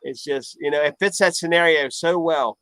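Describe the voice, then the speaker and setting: High-voiced stammering stream host. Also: male voice, moderate pace, a bit bright, dry recording. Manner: stammering, repeats words. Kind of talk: casual live-stream chat. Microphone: video call mic.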